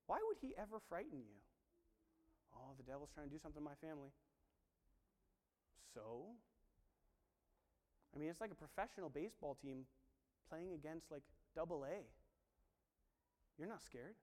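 Male preacher, high animated voice that acts out dialogue, long hall reverb. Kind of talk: sermon.

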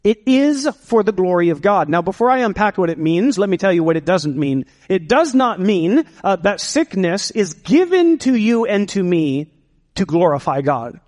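A man with a high voice preaches a sermon, his words ringing through the long reverb of a big hall. He builds emphasis with drawn-out pauses and slips in playful asides to the congregation. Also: very animated, a little mellow. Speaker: pastor.

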